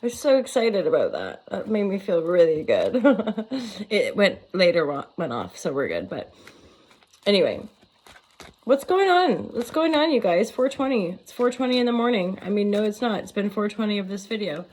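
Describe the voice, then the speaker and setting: A woman's voice: medium pitch, sing-song, moderate pace, a little mellow, husky. A woman in her forties, a tarot reader, rambling playfully in a casual vlog, giggling and swearing freely. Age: 40s.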